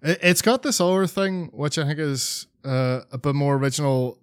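A man's voice: a little high, normal speed, smooth, no room sound. Man, casual podcast chat, sweary and rambling, dry close sound. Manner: rambling, sweary, lots of fillers and restarts. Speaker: podcast co-host.

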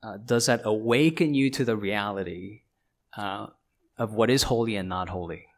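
A man with a somewhat low voice delivers a sermon. He preaches conversationally and keeps asking "right?" to check in. His phrasing is loose, with frequent restarts. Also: moderate pace. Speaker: pastor.

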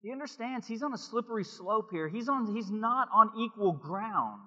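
A man preaches with a bright, forceful voice pitched a little above average, talking to his listeners and questioning them with emphasis. The recording is dull and lo-fi, with a long reverb from a large hall. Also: animated, normal speed. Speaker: pastor. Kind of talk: sermon.

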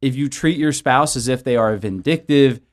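A man's voice: medium pitch, normal speed. Earnest pastor man teaching casually. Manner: earnest, with frequent tag questions of "right?"; counseling tone, gives practical relationship advice. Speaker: pastor and show host. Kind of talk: conversational Bible teaching.

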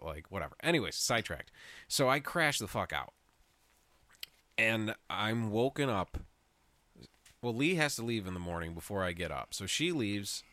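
A man's voice: deep voice, no echo. A man telling a story in casual podcast chat, swearing freely and filling with "like". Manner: profane, animated storytelling with frequent "like".

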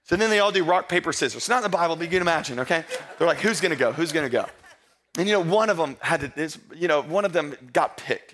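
A man preaching a humorous sermon, telling the story playfully and acting out the characters in hushed asides. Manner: playful storytelling, acts out disciples in low hushed voices. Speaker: pastor.

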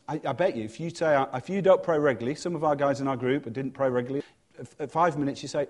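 A male church leader preaching in a lively, conversational way, with humorous asides and quieter moments on softer points. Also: fairly high pitch, fast. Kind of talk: sermon.

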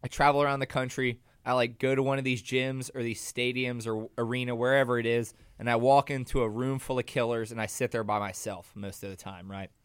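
A man talking as a guest on a radio show, telling animated, funny stories and laughing easily. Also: medium pitch, a little fast, few pauses, clean tone, no echo. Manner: animated storyteller, laughs a lot. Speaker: guest, jiu-jitsu competitor. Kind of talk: casual podcast interview.

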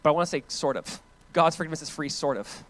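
At a quick pace and with a slightly high voice, a pastor from the United States delivers his sermon. It's animated and conversational, shifting between loud, emphatic lines and hushed ones, with repeated phrases for emphasis.

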